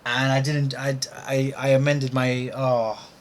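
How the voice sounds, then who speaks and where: A man's voice: mid-range voice, flat delivery, slow pace, a little hiss or hum. A young man commenting on his own live trading session, frustrated and scolding himself aloud over a missed trade.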